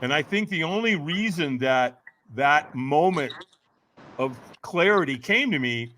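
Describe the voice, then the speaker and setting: Animated, bright-voiced older man telling his story. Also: a little high, unhurried, a little hiss or hum. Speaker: podcast guest. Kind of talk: personal storytelling in an interview.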